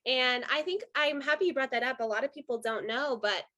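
Bubbly high-voiced young woman. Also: brisk, pushed and bright. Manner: bubbly, giggly, acts out her own thoughts. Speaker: pro cheerleader, podcast guest. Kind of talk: animated storytelling in an interview.

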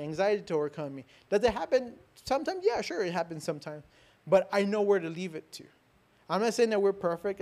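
High-voiced man preaching with emphasis. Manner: emphatic preaching with rhetorical questions and repetition; swings between loud declarations and soft, hushed lines. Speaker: pastor. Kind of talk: sermon.

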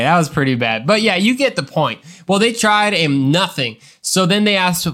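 A man's voice: sits high, expressive, normal speed, hardly any pauses, pushed and bright. A young adult man hosting a Christian podcast, telling stories in a casual, earnest, rambling way with many restarts. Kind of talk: casual podcast talk with storytelling.

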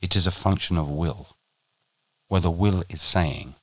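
A man teaching on a podcast, speaking in a measured, deliberate way and slowing down for emphasis. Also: sits low, a bit bright, no room sound. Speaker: meditation teacher.

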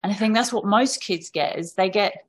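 A woman guest on a podcast, talking in candid and conversational storytelling at a middling pitch. She is frank, swears casually, and slips into animated little voices for the parents and kids she quotes. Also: normal speed.

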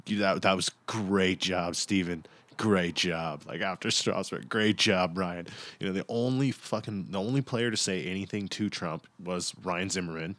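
A man's voice: low-pitched, a bit bright, husky, no room sound. A young adult man hosting a casual podcast, ranting sarcastically and swearing a lot. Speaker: podcast host. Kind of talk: casual profane commentary.

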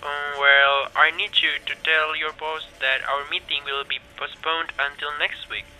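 A man's voice: on the high side, little pitch movement, measured pace, pushed and bright, low-quality recording. A man with an Indonesian accent playing an irritated, impatient business caller in a scripted classroom role-play.

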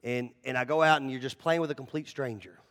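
A pastor delivers a conversational sermon at a fast clip in a medium-pitched voice. He tells stories animatedly, acts out voices, and often repeats words as he goes.

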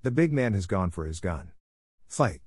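A man's voice: low-pitched, sing-song, moderate pace, a little mellow, slightly rough, dry recording, clean studio sound, full character voice. A man voicing a brave young male mongoose who speaks eagerly and defiantly in a storybook reading.

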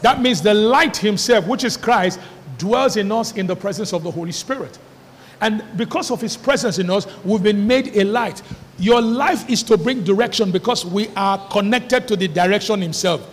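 A man's voice: high voice, moderate pace, slight background noise. A man preaching a sermon as pastor, leading the congregation in call-and-response and stretching out key words for emphasis. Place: church hall. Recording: reverberant church hall.

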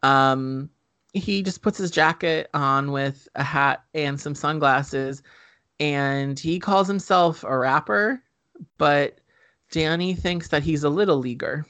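A man's voice: fairly high pitch, slow, sharp tone. A man co-hosting a podcast who recaps a film in casual chat, joking and swearing, with lots of fillers. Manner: profane, joking, filler-heavy storytelling.

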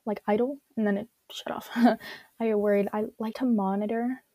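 A woman's voice: mid-range voice, steady tone, normal speed, warm tone, no room sound. A woman hosting her own casual podcast, rambling with lots of fillers, giggling and poking fun at herself. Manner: rambling, giggly, self-deprecating, many "like" and "um" fillers. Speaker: podcast host. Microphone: own recording setup at home.

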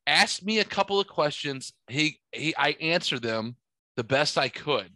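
A man hosts a podcast from his studio, telling animated, profane stories and acting out every voice in them. His voice is bright and sits a little high. The sound is close and dry. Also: a little slow, no echo. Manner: animated, swearing, acts out quotes. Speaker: podcast host. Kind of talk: casual storytelling chat.

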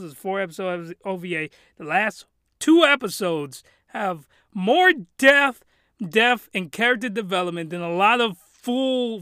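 A man with a high, bright voice rants excitedly through his anime review, slangy and emphatic, repeating his punchlines. His tone is smooth and clear. He records dry and close in a small closet. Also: dry recording. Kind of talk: casual review rant. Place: small closet home studio.

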